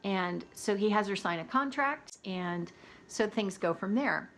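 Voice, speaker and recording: A woman's voice: mid-range voice, lively intonation, unhurried, fairly bright tone, a little hiss or hum. A woman talking casually about audiobooks she has read, chatty and opinionated, laughing now and then. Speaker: book reviewer. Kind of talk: casual book review chat.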